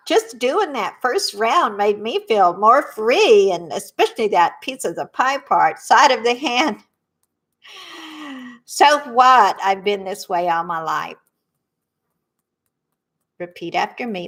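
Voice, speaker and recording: Woman, Southern accent, middle-aged, unhurried delivery, gentle guided workshop leader, repeat-after-me phrasing. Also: mid-range voice, animated. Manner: slow, soothing, lets viewers repeat after her. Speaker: tapping workshop host. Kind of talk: guided tapping workshop on a livestream.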